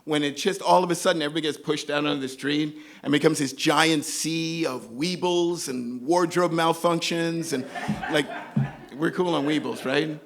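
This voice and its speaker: A New York man with a slightly high voice tells an audience a comic story from his own life at a moderate pace. He delivers it live and animatedly, acting out the voices of the people involved.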